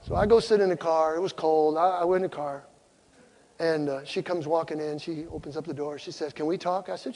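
High-voiced guy preaching, acts out both sides of a fight, big hall reverb. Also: fairly quick. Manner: animated storytelling, acting out both sides of an argument. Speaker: pastor. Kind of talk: storytelling sermon.

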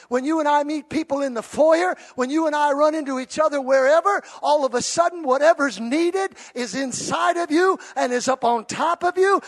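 A middle-aged man with an unusually high voice preaches a sermon to his church. He swings between fervent, shouted declarations and hushed, chatty stories. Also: moderate pace. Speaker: pastor.

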